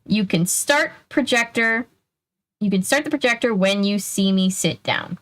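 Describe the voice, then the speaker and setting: A woman reading aloud, voicing a hurried male film director giving quick instructions in a storybook. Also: medium pitch, lively intonation, fairly bright tone.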